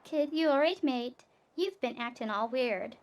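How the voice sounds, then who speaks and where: A woman's voice: sits high, unhurried. A woman voicing a brash, cheeky young female thief with an Australian accent, reading game dialogue aloud in a blunt, slangy way.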